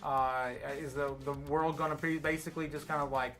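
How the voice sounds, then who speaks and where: A man's voice: a little high, little pitch movement, brisk, a bit bright, soft background music. A man with an American accent hosting a livestream, giving casual market commentary while a little tipsy, rambling with many fillers and restarts. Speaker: livestream host.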